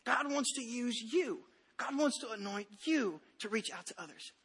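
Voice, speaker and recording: A very high-pitched man in his thirties preaches a Sunday sermon from a church stage. His voice is bright and forceful, and he talks in a loose, conversational way, joking and restarting his sentences as he tells stories. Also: expressive, moderate pace, breathy edge. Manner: conversational, humorous storytelling with frequent restarts. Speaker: pastor.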